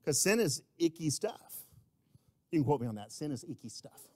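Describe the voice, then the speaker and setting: High-voiced animated pastor preaching. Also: male voice, fast talker, no echo. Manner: animated, humorous, direct. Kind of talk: sermon.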